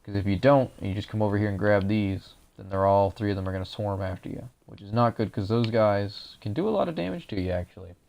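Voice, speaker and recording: A man's voice: lowish voice, fast talker, vocal fry, few pauses, a little mellow. A young man casually talking viewers through a game walkthrough, explaining each step as he plays, his voice a little dry. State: voice drying out. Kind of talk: casual gameplay commentary.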